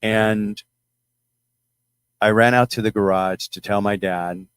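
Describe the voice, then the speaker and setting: A middle-aged man telling a personal story to his followers in a rambling, halting way, with many restarts. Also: lowish voice, steady tone, clean tone, dry recording. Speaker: channel host.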